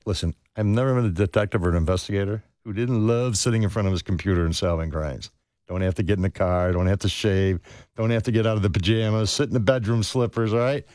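A man's voice: lowish voice, fast, dry recording. A middle-aged man co-hosting a police talk radio show, joking and riffing in casual banter from a studio microphone. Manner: wisecracking, animated, playful asides.

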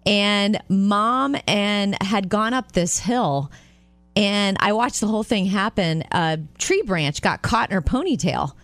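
Animated woman telling a story, dry sound. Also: medium pitch, slow pace, no echo. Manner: animated storyteller, acts out quotes. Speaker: radio co-host. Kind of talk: casual chat, storytelling.

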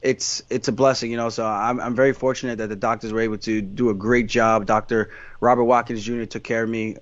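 A man's voice: mid-range voice, no echo. A man being interviewed about his fighting career, talking in a candid, meandering way full of restarts and fillers. The sound is dry and slightly dull, as though the voice was captured close with no room around it. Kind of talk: casual interview answers.

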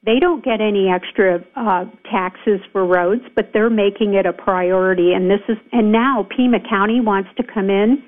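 Call-in guest: woman supervisor, emphatic and indignant, tinny phone-line sound, mid-range pitch. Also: moderate pace, hardly any pauses. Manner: emphatic, indignant, many fillers. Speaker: county supervisor calling in. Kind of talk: radio call-in interview. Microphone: telephone.

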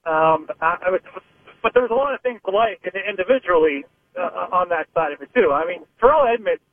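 The recording is dry and comes through a phone on a narrow line: a high, expressive, brisk male voice. It's a Pittsburgh sports reporter on a radio call-in, offering analysis in meandering, hesitant sentences that keep restarting.

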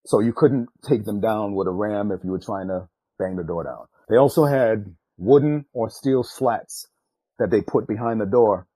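An older man, a retired drug agent, telling a tense undercover story in an interview, profane and animated. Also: moderate pace, breathy edge, dry recording. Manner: animated, jumps loud and high acting out quotes; profane, street-style speech.

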